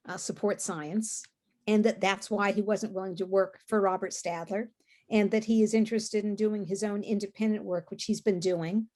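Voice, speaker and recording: A woman's voice: mid-range voice, warm tone. Thoughtful woman explaining a novel. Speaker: co-host discussing a novel. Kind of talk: casual podcast discussion.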